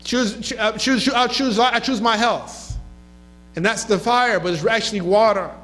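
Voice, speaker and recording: The recording is low quality, capturing a man's high, somewhat bright voice as he lectures in a mosque. He reads Arabic hadith aloud, renders them in English, and drops in casual asides and a quick laugh.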